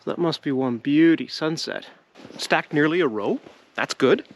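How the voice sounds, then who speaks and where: A man's voice: fairly high pitch, normal speed, a little hiss or hum. A middle-aged man vlogging casually outdoors in snowy woods, rambling and joking as he works and laughing often.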